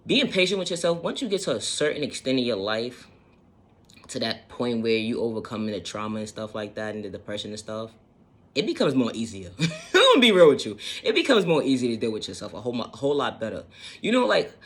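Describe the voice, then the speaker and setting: A man's voice: mid-range voice, very animated, brisk. A man talking casually and earnestly about self-healing, repeating his points and swearing now and then. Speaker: self-help vlogger. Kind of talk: casual motivational monologue.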